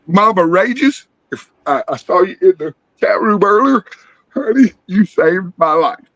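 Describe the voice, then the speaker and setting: A man's voice: on the high side, creaky, no echo, poor audio. Earnest middle-aged man, dry close sound. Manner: rambling, earnest, animated storytelling. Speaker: guest caller. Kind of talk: emotional personal testimony. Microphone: video call.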